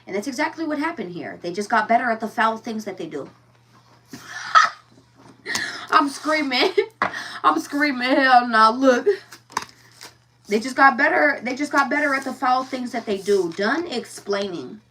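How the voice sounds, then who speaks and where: A woman's voice: fairly high pitch, expressive, a little fast, far from the mic, a little hiss or hum. A woman giving a casual tarot reading, blunt and profane, firing rhetorical questions and repeating herself. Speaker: tarot reader.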